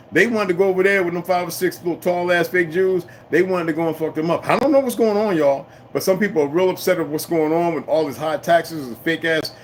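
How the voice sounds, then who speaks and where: A man's voice: medium pitch, a little hiss or hum, rough recording. Profane rambling man ranting on a livestream. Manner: profane, emphatic, loose and digressive. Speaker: livestream host reading viewer comments. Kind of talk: rambling casual rant to live viewers.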